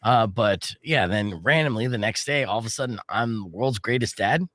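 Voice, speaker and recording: A man in his thirties hosting a morning rock radio show, telling stories from home in an animated, swearing way. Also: lowish voice, moderate pace, no echo, studio quality. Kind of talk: casual morning radio banter. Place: radio studio. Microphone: studio microphone.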